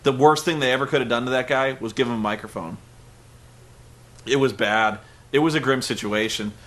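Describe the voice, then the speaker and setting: A man hosting a comedic recap, sarcastic, animated and prone to ranting. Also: medium pitch, a little fast. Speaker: host. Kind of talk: comedic recap of a wrestling show.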